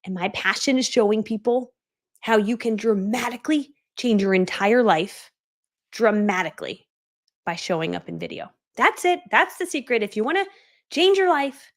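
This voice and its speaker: A woman's voice: fairly high pitch, lively intonation, normal speed. A middle-aged woman coaching on a live stream, telling her story animatedly and acting out the voices of the people in it. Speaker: online business coach.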